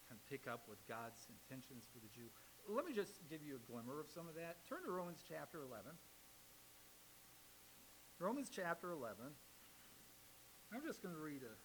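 Emphatic preacher man, lively high voice. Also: a little hiss or hum, rough recording. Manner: emphatic, swings loud on key phrases; reads scripture aloud with rising force. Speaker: pastor. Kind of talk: sermon.

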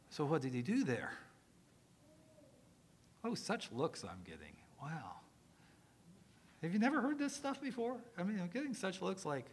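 A male preacher giving a sermon, swinging from loud emphatic lines to quiet asides and joking with the congregation. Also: on the high side, breathy edge.

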